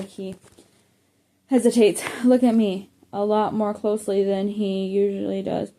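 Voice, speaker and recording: Woman reading a kids' spooky book aloud, kinda flat, mellow voice, fixes her slips as she goes. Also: mid-range voice, unhurried. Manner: plain, even reading with small slips and self-corrections. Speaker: audiobook reader. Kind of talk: first-person audiobook narration.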